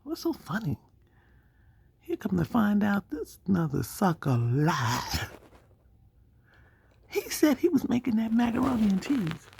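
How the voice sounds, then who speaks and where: A woman casually telling a story, animated, acting out the people she quotes. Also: medium pitch, measured pace, creaky, breathy edge. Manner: animated, acts out quoted dialogue.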